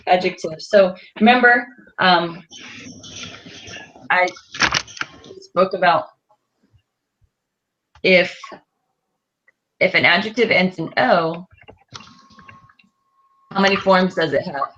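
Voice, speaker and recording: A woman's voice: on the low side, slow, pauses often, fairly bright tone, dull audio, slight background noise. A woman teaching a Spanish class, patiently going over exercises and prompting students with questions, with a lot of fillers.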